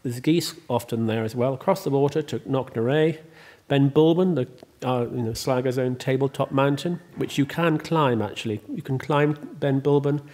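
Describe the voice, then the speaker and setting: A man talks casually in an interview at an ordinary, middle pitch. He rambles warmly from one point to the next, full of ums and self-corrections. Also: moderate pace, hardly any pauses. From Ireland. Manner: rambling, chatty, many ums and restarts. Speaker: host and estate owner.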